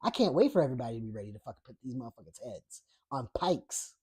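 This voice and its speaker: Profane laughing podcast host, mellow voice. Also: male voice, mid-range voice, sing-song, fast, husky. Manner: profane, blunt and laughing often; rambling with many fillers and restarts. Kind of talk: casual political rant reading live chat.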